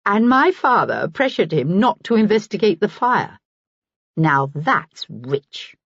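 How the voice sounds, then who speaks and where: A woman voicing a proud, insistent young gentlewoman in an audiobook, speaking in a haughty manner. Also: medium pitch, very animated, slow, husky, no echo, highs cut off, pitched above the performer's own voice, full character voice.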